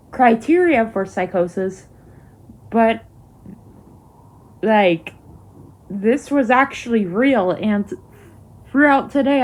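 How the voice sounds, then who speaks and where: A woman's voice: a little high, a little mellow. A young woman ranting heatedly to camera in a vlog, emphatic and swearing often. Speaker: vlogger. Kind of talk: angry to-camera vlog rant.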